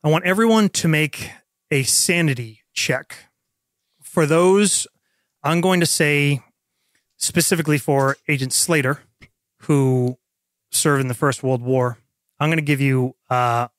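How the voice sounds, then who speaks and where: A man's voice: fairly high pitch, unhurried, pauses often, no room sound, studio quality. A man running a tabletop role-playing game as game master, explaining the rules plainly.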